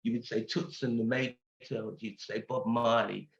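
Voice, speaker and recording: A man's voice: mid-range voice, little pitch movement, unhurried, vocal fry. A man in his sixties with an English accent, a guest telling stories animatedly in a casual interview, laughing often. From England. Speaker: guest singer. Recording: roomy, dull-sounding audio.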